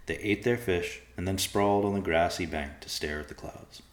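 A man reading a storybook aloud as narrator, with a calm, even delivery. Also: low voice, moderate pace. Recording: echoey room.

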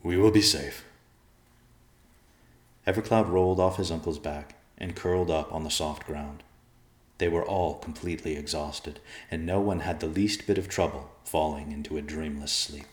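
A man giving a steady, measured audiobook narration of a fantasy tale. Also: a bass voice, roomy sound.

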